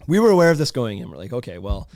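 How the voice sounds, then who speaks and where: Male podcast host in his thirties, casual animated storyteller with a lively pitch and frequent laughs. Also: racing, creaky, no echo, clean studio sound. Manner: animated, laughing, many fillers.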